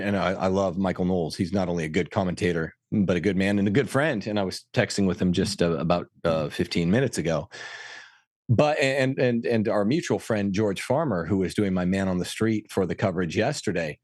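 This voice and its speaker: A man speaking as a guest commentator on church affairs, talking fast and insistently in opinionated podcast style. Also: deep voice, dry recording, studio quality. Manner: emphatic, rapid, insistent.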